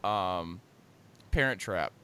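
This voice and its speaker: A man's voice: low voice, takes it slowly, pushed and bright, smooth, no room sound. A man in casual chat, joking and rambling as he retells a movie plot with laughs.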